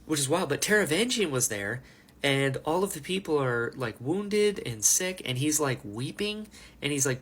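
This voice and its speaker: A young man recapping a book in a casual, chatty reaction video. His pitch swoops up and down as he talks. He acts out the characters' lines along the way. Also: normal speed. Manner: animated, chatty, acts out quotes.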